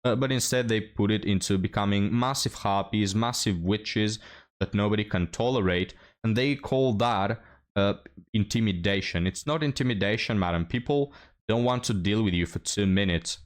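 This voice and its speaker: A man's voice: lowish voice, normal speed. A man hosting a reaction commentary, mocking and scornful, often laughing as he talks. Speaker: commentary host.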